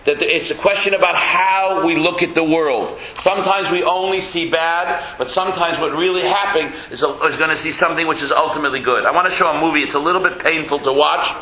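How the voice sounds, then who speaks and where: A man's voice: a little high, brisk, hardly any pauses, pushed and bright, a little hiss or hum. A man, a rabbi, giving a chatty sermon full of stories and Yiddish words, joking with his congregation. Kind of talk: sermon with storytelling. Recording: roomy echo.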